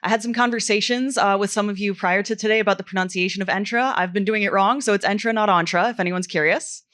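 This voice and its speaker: A woman presenting a technical talk at a conference, explaining in a relaxed way with frequent fillers. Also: mid-range voice, fast. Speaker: conference speaker. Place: conference stage.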